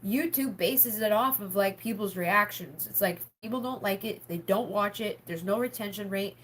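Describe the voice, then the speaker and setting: A woman's voice: medium pitch, moderate pace, a bit bright, a little hiss or hum. A woman hosting a casual livestream for her members, rambling with lots of filler words and frank swearing. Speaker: spiritual healer hosting a members' live stream.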